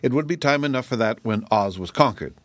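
A man narrating an audiobook chapter in a steady, even storytelling manner. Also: mid-range voice, brisk, no echo. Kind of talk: scripted narration.

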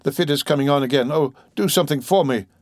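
A man's voice: mid-range voice, normal speed, a little mellow, no echo, studio quality, lightly acted. A man voicing a terrified, choking male servant who cries out in pleading gasps. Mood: desperate.

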